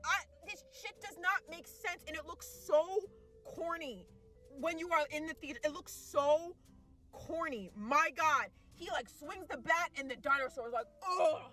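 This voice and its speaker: A young woman with a high, bright voice rants about a film in total disbelief, tripping over fillers and starting sentences again. She slips into mocking, overdone voices for the characters. Faint music plays underneath. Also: a little slow. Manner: exasperated, rambling with many fillers and restarts. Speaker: vlogger ranting about a movie. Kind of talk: casual rant.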